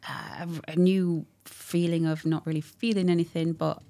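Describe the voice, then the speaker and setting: A woman telling a personal story as a guest in a candid conversation, animated and acting out what people said, with frequent laughs. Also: lowish voice, moderate pace, gravelly. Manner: animated, acts out quotes, laughs often.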